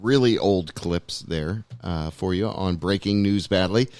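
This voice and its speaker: A man's voice: deep voice, a little slow, a little mellow, no room sound. A man hosting a podcast alone in the studio, chatting casually and rambling while he plays clips. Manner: loose, rambling, self-deprecating. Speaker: podcast host. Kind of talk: casual talk show chat. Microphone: studio mic.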